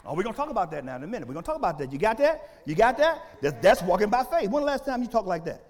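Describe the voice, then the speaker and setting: Animated preacher man, high lively voice. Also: racing. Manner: animated preaching, rising to shouts; asks the congregation questions. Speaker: pastor. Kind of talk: sermon.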